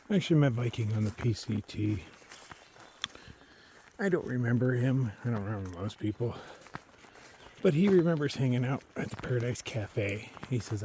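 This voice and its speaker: A man of ordinary pitch talks to his camera outdoors on a trail, easygoing and wry. He tells stories with a dry, joking edge. Faint outdoor noise sits behind his voice. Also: warm tone. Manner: joking, laid-back, wry storytelling. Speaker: long-distance hiker filming his trek. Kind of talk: casual vlog commentary.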